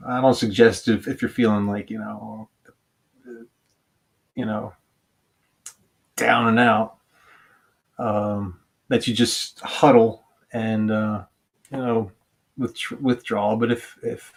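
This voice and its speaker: A man talking casually about a song's meaning in a halting, hesitant way, often pausing and restarting. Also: on the low side, fairly even intonation. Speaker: vlogger discussing a song. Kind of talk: casual musing monologue.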